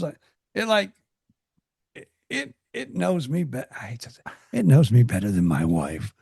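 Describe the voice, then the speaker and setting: A man's voice: mid-range voice, huge pitch swings, moderate pace, gravelly, a little mellow, breathy edge, no echo, studio quality. A male podcast co-host in casual chat, rambling with stammered restarts.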